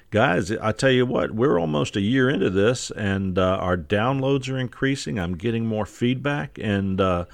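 Man, podcast host, lower voice, rambling joker, dry booth. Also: creaky, dry recording. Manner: rambling, filler-heavy, jokey. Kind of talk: casual chat.

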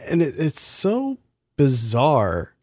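A man's voice: medium pitch, huge pitch swings, takes it slowly, darkish tone, no room sound, clean studio sound. A man in a casual film review chat, critical and exasperated, firing off rhetorical questions.

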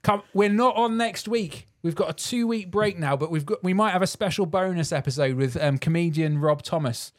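A man's voice: high voice, normal speed, few pauses, no room sound, clean studio sound. A man hosting a podcast, upbeat and jokey, laughing often. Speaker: podcast host. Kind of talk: casual chat.

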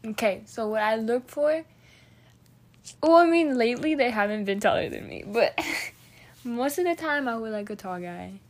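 A young woman in casual, filler-heavy chat about dating, sarcastic and quick to laugh. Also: on the high side, expressive.

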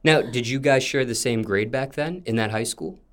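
A man's voice: medium pitch, moderate pace. A man hosts a sit-down interview, putting questions to his guest with formal, carefully built phrasing. His voice sits in an ordinary middle range.

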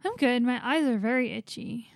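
Woman, podcast co-host, relaxed chat, higher pitch, dry close mic. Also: normal speed, creaky, no room sound. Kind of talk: casual chat.

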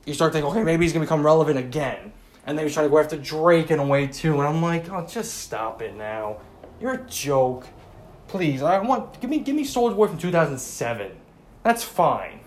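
A man with a slightly high voice recaps a wrestling show in a loose, rambling way. He sounds exasperated and keeps saying "like" and "you know" as he goes. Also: lively intonation, fast, slight background noise. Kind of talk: casual commentary recap.

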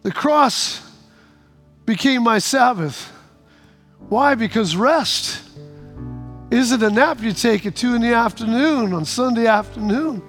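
A man's voice: extremely high pitch, animated, slow, pauses often, fairly bright tone, faint music behind. A male pastor preaching a sermon, emphatic, with repeated phrases and restarts.

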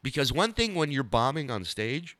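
On a podcast, a male comedian guest tells an animated story, swearing and acting out the scenes. His voice sits mid-range at a moderate pace, with no room sound at all.

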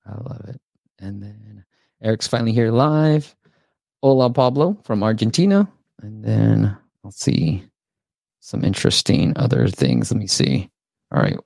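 A man's voice: on the low side, sing-song, measured pace, vocal fry, long pauses, darkish tone, no echo, clean studio sound. A man hosting a casual live interview, upbeat, reading out viewer comments to his guest. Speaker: host.

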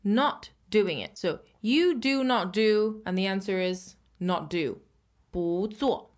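Brief: woman teacher-host, mid pitch, casual lesson chat, slow careful modeling of example words. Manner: slows down and stretches Mandarin words for learners.

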